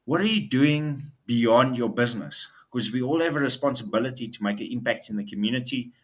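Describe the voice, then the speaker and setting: A man's voice: medium pitch, brisk, slightly rough. A man co-hosting a casual business chat show, upbeat and talking in loose run-on sentences with fillers. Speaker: co-host.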